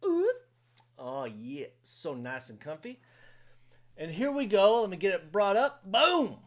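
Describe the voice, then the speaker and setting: A man's voice: sits high, wildly swooping pitch, unhurried, a little mellow. Opinionated man hosting a reaction video. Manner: opinionated, rambling, talks straight to viewers. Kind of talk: casual reaction commentary. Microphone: headphones on while recording.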